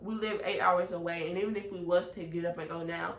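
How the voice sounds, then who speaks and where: A young woman, from North Carolina, telling a storytime tale in an animated way full of fillers. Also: lowish voice, fairly quick, reverberant, highs cut off, slight background noise. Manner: animated, talks her way through the story with many fillers. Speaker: vlogger. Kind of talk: storytime chat.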